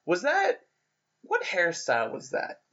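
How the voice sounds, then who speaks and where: This young American man has a fairly high voice that swings up and down a lot as he talks. He co-hosts a casual chat and keeps teasing his partner. The audio is dull and lo-fi. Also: huge pitch swings, unhurried, bright, forceful tone. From United States. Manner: playful and teasing. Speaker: podcast co-host. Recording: dull lo-fi sound.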